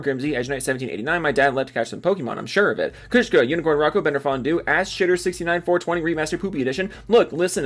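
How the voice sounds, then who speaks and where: Young man from Seattle, raised-pitch voice, ranting gamer YouTuber, sarcastic and profane, with sudden yelps. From Seattle, USA. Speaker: gaming YouTuber. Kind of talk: ranting commentary and reading out supporter names.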